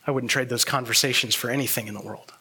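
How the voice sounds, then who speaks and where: A man preaching as pastor speaks earnestly and reflectively, often pausing and letting his words trail away softly. His medium-pitched voice is steady with a breathy edge.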